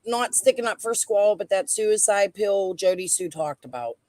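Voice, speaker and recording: A woman joins a livestream panel, her voice mid-pitched and subdued as her sentences trail away. The sound is dry and close, with no room around it. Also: animated, normal speed, a little mellow, no echo. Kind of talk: casual livestream chat.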